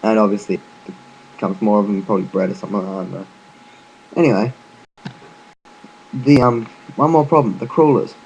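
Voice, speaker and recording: Casual male gamer narrator with a fairly low voice, chatty and loose, stumbling through his explanation. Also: normal speed, pauses often, a little mellow, a little hiss or hum, rough recording. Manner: loose and chatty, with frequent fillers and restarts; offhand, with occasional swearing. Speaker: gaming video narrator.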